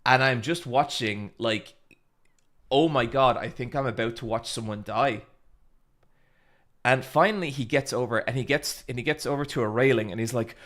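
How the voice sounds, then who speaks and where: Bright-voiced man telling a rambling story. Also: mid-range voice, normal speed. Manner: rambling and animated, with swearing and filler words. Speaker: streamer host. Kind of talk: casual storytelling chat.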